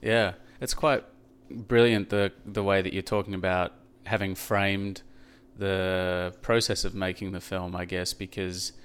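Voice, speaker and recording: Very deep, flat-voiced male interviewer. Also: measured pace, clear, resonant tone. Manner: hesitant, rambling questions with many fillers. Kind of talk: casual interview conversation.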